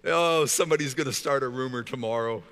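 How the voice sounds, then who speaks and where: A man's voice: mid-range voice, fast, fairly bright tone, clean tone, big-room sound. A man preaching a sermon as pastor, talking in a casual, joking way with frequent stumbles and restarts. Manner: conversational and joking, with many repeated restarts.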